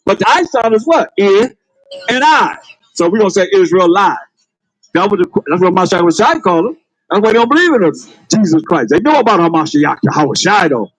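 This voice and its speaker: Husky high-voiced man street preaching. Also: very animated, fairly quick, fairly bright tone, no room sound, low-quality recording. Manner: calls out to passers-by, emphatic, laughs. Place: outdoors on a street.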